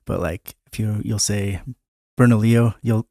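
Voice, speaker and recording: A man's voice: medium pitch, a little fast, a little mellow, no room sound, studio quality. A man hosting a podcast, chatting casually, laughing and restarting his sentences often. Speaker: podcast host.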